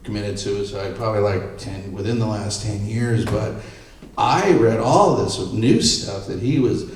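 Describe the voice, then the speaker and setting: Speaking at a measured pace in a fairly low voice, a middle-aged photographer on a live panel animatedly recounts stories and imitates the people he quotes. The room echoes, the mic sits far off, and a bit of hiss or hum comes through.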